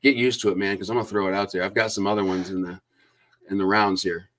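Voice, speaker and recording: A low-voiced man hosts a casual livestream interview, warm in his eagerness and full of fillers and restarts. He rambles along cheerfully, heard over a video call connection. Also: fairly even intonation, fast talker. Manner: enthusiastic, rambling with many fillers. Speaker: host.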